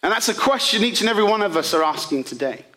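A man preaching a sermon, telling a story in a relaxed, conversational way. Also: high voice, fast talker, a little hiss or hum.

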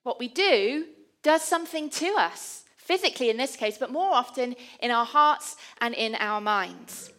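Bright-voiced woman preaching. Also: a little high, unhurried. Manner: conversational, self-deprecating, animated storytelling. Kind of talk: sermon.

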